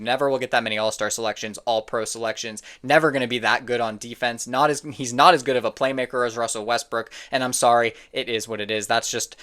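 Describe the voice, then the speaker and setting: A man's voice: mid-range voice, bright, forceful tone, smooth. A man giving casual reaction commentary on sports opinions, opinionated and prone to getting heated and exasperated. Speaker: sports content creator.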